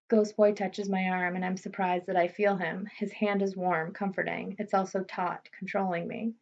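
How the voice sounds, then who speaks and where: A woman reading a first-person novel aloud in a steady, understated way. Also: mid-range voice, moderate pace, vocal fry, hardly any pauses. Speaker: audiobook reader. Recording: slightly muffled recording.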